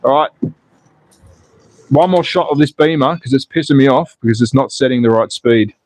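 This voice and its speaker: A man at home, excitedly calling slot car races on a live stream and casually chatting with viewers. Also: medium pitch, normal speed, a little hiss or hum, rough recording. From Australia. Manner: excitable commentary, then relaxed chatting with viewers. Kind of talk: live race commentary and chat reading. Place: home in Austria.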